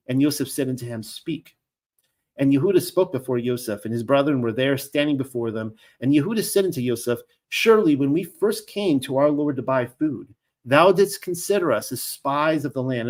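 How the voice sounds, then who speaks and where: A man with a middle-pitched voice teaching from scripture. He reads the old-style verses in an earnest, measured tone, then drops into loose, chatty explanation with plenty of "you know" and "like". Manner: conversational, many fillers and restarts between solemn reading. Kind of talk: reading scripture aloud with casual commentary.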